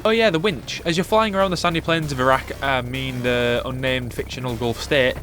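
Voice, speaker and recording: A man narrating a comedic review of a retro game. He is sarcastic and sweary, slipping into mock outrage. Faint music plays softly behind his voice. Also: medium pitch, steady tone, brisk.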